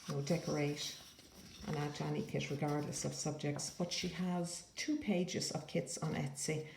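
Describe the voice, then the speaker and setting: A woman's voice: sits low, fairly even intonation, moderate pace, creaky, background noise. A woman casually showing paper crafts in a chatty, rambling way with playful asides. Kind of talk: casual show-and-tell flip-through. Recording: echoey room.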